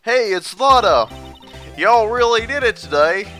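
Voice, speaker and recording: A man plays a brash, loud country woman with a thick put-on Southern drawl, his voice raised high above his own. The sound is bright and forceful, with faint music behind it. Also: lively intonation, measured pace, exaggerated voice. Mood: boisterous.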